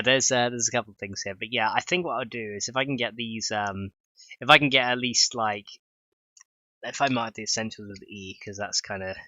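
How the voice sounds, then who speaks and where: A man's voice: on the low side, pushed and bright, no room sound, highs cut off. A man with a stuffed-up nose, chatting casually and rambling aloud with chuckles while streaming his modding work. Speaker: livestreamer and game modder. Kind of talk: casual livestream chat.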